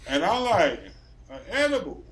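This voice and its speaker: A man's voice: high voice, big pitch swings, normal speed. A man from Racine, Wisconsin, a podcast host telling a story in loose casual chat, acting out the quotes and swearing freely.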